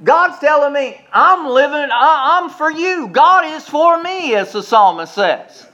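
A man with a notably high voice delivers a sermon as pastor. He hammers his points home through repetition and rising emphasis, and now and then drops to a soft, quick aside. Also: lively intonation, highs cut off.

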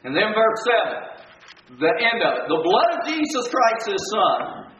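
A man's voice: wildly swooping pitch, a little slow, fairly bright tone, a little hiss or hum. A man preaching a sermon, emphatic, often repeating his points and asking "all right?" to his listeners. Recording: echoey distant low-fi room recording.

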